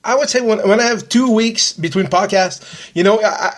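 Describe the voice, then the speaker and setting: A man from Quebec with a Québécois French accent, hosting a casual podcast in fast, rambling talk full of restarts. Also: high voice. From Quebec, Canada. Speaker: podcast host.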